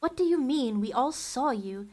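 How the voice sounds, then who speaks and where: A woman's voice: on the high side, normal speed, fairly bright tone, natural voice. A woman voicing a scheming villainous male count in a storybook reading, menacing and smug.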